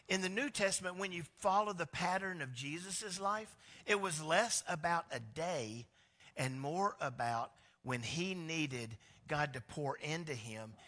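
A male pastor delivers a sermon in a fairly high, bright, forceful voice. He talks conversationally and builds emphasis through repetition, often restarting a phrase mid-thought. His delivery swings between loud, driving lines and quiet, intimate ones. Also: expressive, unhurried, in a large hall.

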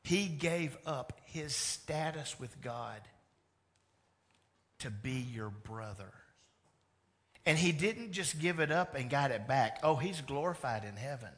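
A man preaching a sermon as pastor, animated, moving between loud emphatic lines and hushed ones. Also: fairly high pitch, slow.

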